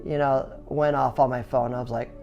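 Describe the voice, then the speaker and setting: A middle-aged man who owns a skateboard business, telling his story casually with lots of fillers and restarts, and animated sound effects. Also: mid-range voice, normal speed, vocal fry, highs cut off, faint music behind. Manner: chatty, full of "you know" fillers and restarts; animated, acts out sounds and reactions.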